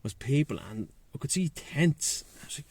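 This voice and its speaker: A man's voice: a little high, lively intonation, normal speed, darkish tone, husky. A man with a Dublin Irish accent talks as a guest in a casual chat, frank, slangy and swearing freely, outdoors by the sea. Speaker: guest, breathwork and sea-swim facilitator.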